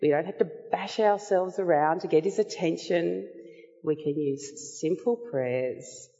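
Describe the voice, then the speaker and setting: A woman preaching a sermon, teaching from the Bible in an earnest, measured way. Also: fairly low pitch, creaky, mellow. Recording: dull sound with long hall reverb.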